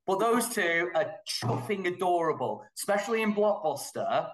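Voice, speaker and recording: Male podcast co-host, emphatic and gushing, slightly high voice, echoey room. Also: sing-song, moderate pace, slight background noise. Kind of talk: casual chat.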